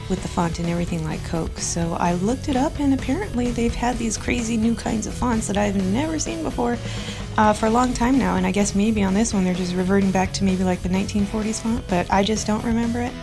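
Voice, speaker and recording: Woman vlogger with a gravelly voice, rambly and earnest, faint music behind. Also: mid-range voice. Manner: rambling, earnest, defensive toward critics. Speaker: video host. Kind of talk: casual vlog commentary.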